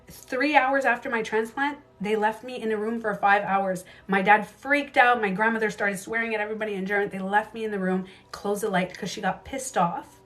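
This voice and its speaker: A woman in her thirties hosting a casual livestream, telling her own stories candidly, swearing freely and jumping into quick asides. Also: medium pitch, a bit bright. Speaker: beauty coach livestream host.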